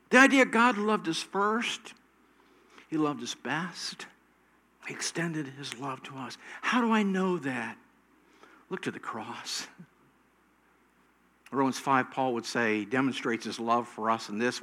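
A middle-aged male pastor preaching a sermon slowly and emphatically, his voice swelling louder at high points. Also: expressive.

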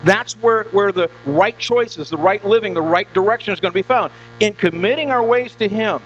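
A man's voice: sits high, moderate pace, a bit bright. Man preaching a chatty sermon. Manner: conversational, stammers and repeats words, asks the congregation questions. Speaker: pastor. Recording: dull lo-fi recording with mains hum.

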